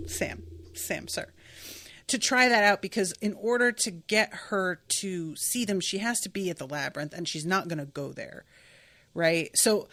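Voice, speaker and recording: A woman's voice: medium pitch, a bit bright, no room sound. A woman hosting a casual book-reaction podcast, talking emphatically and swearing freely as she rants. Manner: ranting, heated. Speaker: podcast host.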